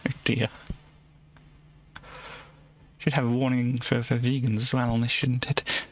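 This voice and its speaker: A man in a casual live stream, talking at an everyday mid pitch into a desktop microphone. He reads game text aloud in a plain way and breaks off for wry remarks. He often trips over his words, repeats them and restarts his sentences. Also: moderate pace. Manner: wry asides between read passages.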